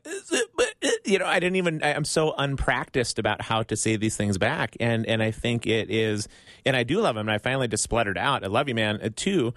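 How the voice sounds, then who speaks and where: A man's voice: on the low side, fairly bright tone, no echo, studio quality. A man co-hosting a Christian radio talk show, earnest and reflective, stumbling over his words at times. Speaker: radio co-host.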